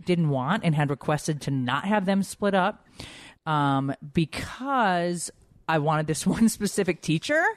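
A woman's voice: low voice, animated, a little slow, no echo. Woman, 40s, podcast host, casual rambling chat, emotional, dry close sound. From Connecticut. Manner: chatty, rambling, emotional, many fillers.

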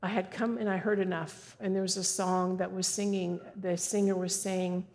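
A woman's voice: lowish voice, level tone, moderate pace, darkish tone. A middle-aged woman giving an earnest, exhorting sermon to women, often repeating phrases for emphasis. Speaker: women's speaker. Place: church sanctuary. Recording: long hall reverb.

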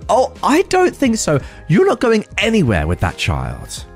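A man doing a shrill, accusing old woman. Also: wildly swooping pitch, a little slow, soft background music, exaggerated voice. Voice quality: shrill, high falsetto. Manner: accusing and hysterical.

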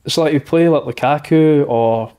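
A man telling a relaxed, chatty anecdote. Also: on the high side, normal speed, smooth. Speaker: guest telling a story. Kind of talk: casual anecdote.

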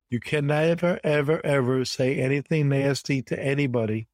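A man's voice: mid-range voice, steady tone, normal speed, few pauses, darkish tone, no echo. An older man, a guest in an interview, telling anecdotes in an emphatic way and repeating words for stress. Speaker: bridge player guest.

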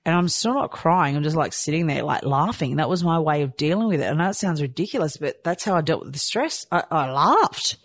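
A woman telling a personal story candidly and from the heart, rushing and restarting her sentences. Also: low voice, lively intonation, no echo. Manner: heartfelt, rushed, with frequent restarts. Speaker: storyteller sharing a personal experience.

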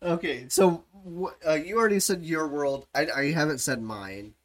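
A man's voice: on the high side, normal speed, fairly bright tone, low-quality recording. A man hosting a podcast in casual chat, giggly and easily sidetracked. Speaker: podcast host.

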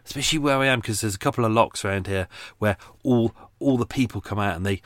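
A man's voice: fairly low pitch, quick pace, fairly bright tone, no echo, clean studio sound. A middle-aged man hosting a podcast in a casual, rambling chat full of fillers and restarts, talking outdoors by his boat. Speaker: podcast host.

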